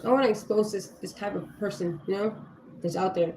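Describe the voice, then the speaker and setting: Brisk and dark-toned at medium pitch, this livestream host, an adult with young children, talks casually yet bluntly and heatedly. She swears freely and fills her speech with "like" and "you know." Her room echoes, with slight ambient noise in the background.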